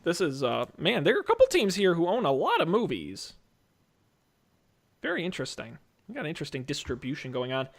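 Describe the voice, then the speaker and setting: Running a movie draft auction on his casual podcast, a man uses a slightly high, creaky voice with huge pitch swings. He rattles off bids like an auctioneer, quick and jokey the whole way.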